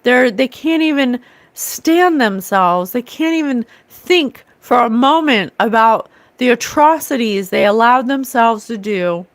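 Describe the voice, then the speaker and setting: Woman, higher voice, scornful animated spiritual rant, dry close sound. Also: a little slow, no echo. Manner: animated, scornful, mocks others in sing-song voices. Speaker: psychic livestream host.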